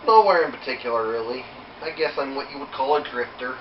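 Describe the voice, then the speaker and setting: A man's voice: mid-range voice, a little fast, echoey room, far from the mic, lo-fi sound, noisy background, lightly acted. A man voicing a friendly Irish drifter with a thick Irish accent and a folksy, chatty manner.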